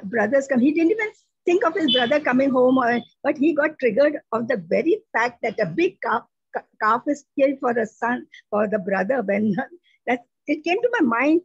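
A woman with a fairly high, husky voice tells a personal story to a prayer group. She speaks earnestly and often restarts her sentences. The sound is dry and dull, like an online call. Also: dry recording. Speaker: participant sharing a testimony. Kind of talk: casual testimony in a prayer group.

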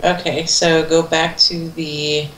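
Slow hesitant let's play buddy giving directions, echoey room, typing behind. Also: medium pitch, level tone, fairly bright tone, slight background noise. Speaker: gamer. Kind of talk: casual let's play commentary.

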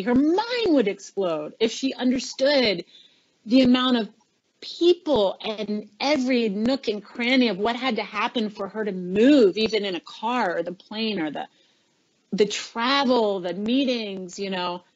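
A woman's voice: on the high side, normal speed, highs cut off. A middle-aged woman, a former chief of staff, tells stories in a webinar interview and acts out the lines people said. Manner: animated storyteller, acts out quoted lines.

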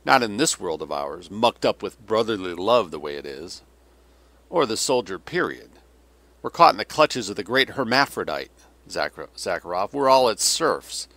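A man's voice: fairly low pitch, very animated, normal speed, fairly bright tone, dry recording. A man voicing a weary, cynical older male Russian general who delivers sardonic, bitter tirades.

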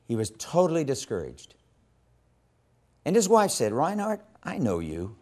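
A man's voice: mid-range voice, wildly swooping pitch, unhurried. Impassioned male evangelism teacher. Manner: impassioned, swings from loud emphasis to hushed quoting. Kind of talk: teaching sermon with storytelling.

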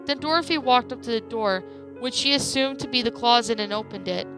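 A woman narrating a creepypasta story in a plain, steady reading voice. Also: a little high, a little fast, over music.

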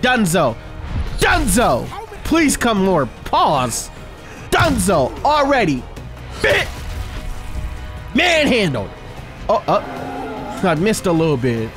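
A young man giving loud, excitable, trash-talking commentary while he plays a video game. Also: high-pitched, slow pace, pauses often, soft background music. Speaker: gaming video host. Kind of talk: excited let's-play commentary. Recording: game soundtrack playing behind.

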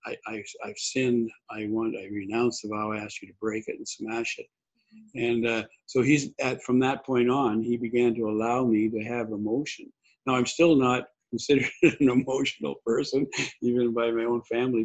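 An older man giving a conversational sermon, husky, rambling and restarting often. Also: mid-range voice. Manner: rambling, many restarts and fillers. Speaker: pastor. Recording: dull lo-fi recording.

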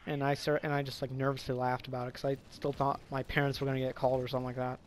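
A man's voice: mid-range voice, completely flat delivery, rapid-fire, a little hiss or hum. A man casually telling a story from his school days, rambling with lots of fillers, swearing, and frequent stumbles and restarts. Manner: rambling, filler-heavy, profane. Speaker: vlogger.

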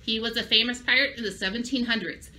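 A woman's voice: fairly high pitch, fairly even intonation, quick pace, pushed and bright. A woman librarian giving a children's craft and story lesson, upbeat and speaking directly to young kids.

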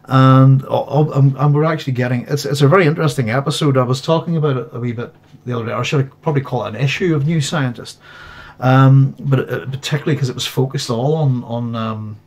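A man's voice: medium pitch, darkish tone. Rambling man hosting from home. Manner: rambling, many restarts and fillers. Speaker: host. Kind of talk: casual livestream chat.

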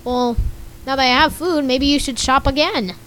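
A woman's voice: sits high, normal speed, fairly bright tone. A woman with a scratchy voice giving chatty, amused let's-play commentary as she plays a game. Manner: chatty, amused, talks to other players. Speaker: gaming channel host.

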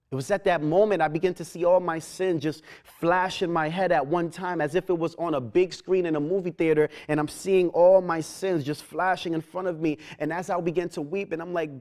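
A man tells his personal story of faith in a fairly high voice. He speaks earnestly and often stammers, repeating words as he restarts his sentences. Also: steady tone, normal speed, hardly any pauses, a little mellow. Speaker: testimony speaker. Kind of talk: personal testimony.

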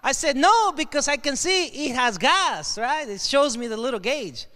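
A man with a Mexican Spanish accent, telling an animated story in a keynote speech, asking the crowd questions and slipping into Spanish. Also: extremely high pitch, normal speed. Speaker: motivational keynote speaker. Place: large hall with an audience. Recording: long hall reverb.

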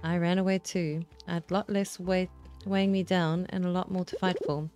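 A woman reading a gentle consoling mother bear. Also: fairly low pitch, little pitch movement, brisk, lightly acted. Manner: soothing, motherly. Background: game music.

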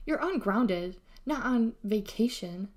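A woman's voice: medium pitch, expressive, takes it slowly. A woman voicing a bossy, snarling teenage older sister in a storybook reading. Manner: sharp, bossy, yelling.

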